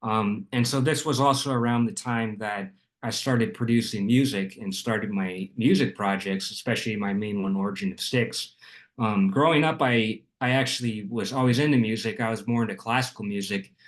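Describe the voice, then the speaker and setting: Young man, low voice, from arizona, measured explanations, casual interview guest. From Arizona, USA. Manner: measured, explanatory, with frequent ums. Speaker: podcast guest, music producer.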